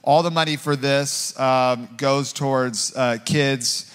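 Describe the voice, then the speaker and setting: A middle-aged man preaching as a guest pastor, telling a story in a rambling, filler-heavy way and getting animated when he quotes himself. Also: medium pitch, slow pace, clear, resonant tone. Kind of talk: conversational sermon storytelling. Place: church sanctuary. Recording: long hall reverb.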